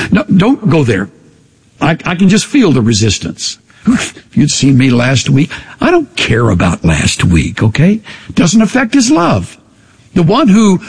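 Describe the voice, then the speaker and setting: A man preaching a sermon in an earnest voice that falls to a hush on tender lines. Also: fairly high pitch, sing-song, moderate pace, husky, big-room sound. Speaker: pastor.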